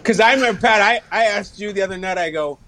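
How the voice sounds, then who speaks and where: A man's voice: sits high, fast talker, sharp tone. Male guest telling stories with voices. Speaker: guest, TV morning show co-host. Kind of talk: casual sports talk.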